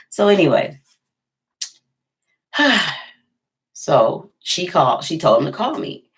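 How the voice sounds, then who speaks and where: A woman's voice: sits low, animated, slow pace, pauses often. A woman vlogger telling a personal story in a casual, emphatic way, often repeating phrases for effect.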